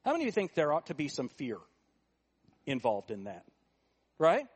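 A middle-aged man preaching a sermon, asking the congregation rhetorical questions and moving between quiet asides and raised, emphatic points. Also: fairly high pitch, wildly swooping pitch, normal speed, husky. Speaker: pastor.

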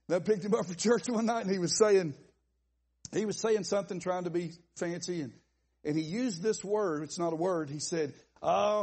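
A pastor with a Southern accent preaches a sermon at a church conference, folksy and animated, full of asides and laughs. His voice is on the high side, his pace moderate, and he pauses often.

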